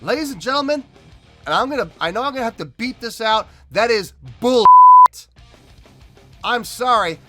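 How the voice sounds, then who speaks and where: A man's voice: high voice, bright, forceful tone. A man hosting a music reaction video, talking emphatically and repeating himself as he rants.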